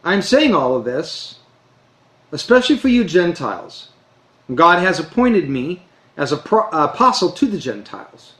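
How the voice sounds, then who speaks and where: A man preaching a sermon, earnest and emphatic, slowing down to stress key phrases. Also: fairly high pitch, very animated, fairly bright tone. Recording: roomy echo.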